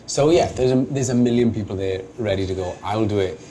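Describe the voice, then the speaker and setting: A Welsh man in his thirties, an actor guest telling stories in a casual interview, self-deprecating and quick to laugh. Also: medium pitch. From Wales. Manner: animated storyteller, self-deprecating, laughs often. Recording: noisy background.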